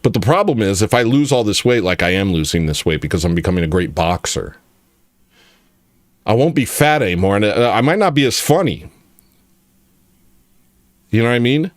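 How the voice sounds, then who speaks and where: Joking male livestream host, lively pitch. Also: normal speed, long pauses, no room sound, studio quality. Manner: rambling, joking, reacting to chat. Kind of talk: casual livestream chat.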